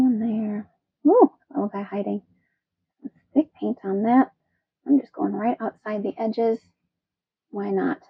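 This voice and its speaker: A woman's voice: on the high side, slightly rough, no room sound, phone-quality sound. A woman teaching a step-by-step painting lesson in a chatty, playful, self-encouraging way. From Wisconsin. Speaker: painting instructor.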